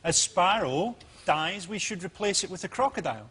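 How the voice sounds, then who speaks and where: A man on a comedy panel telling dry, dark deadpan jokes. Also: high-pitched, moderate pace. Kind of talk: deadpan stand-up banter. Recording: TV studio with loud audience noise.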